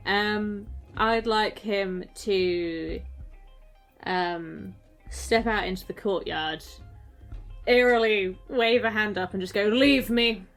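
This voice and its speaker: A woman's voice: medium pitch, slow, soft background music. Giggly woman at a game table. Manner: giggly, playful, thinking aloud with fillers. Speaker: player. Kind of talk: tabletop role-play chat.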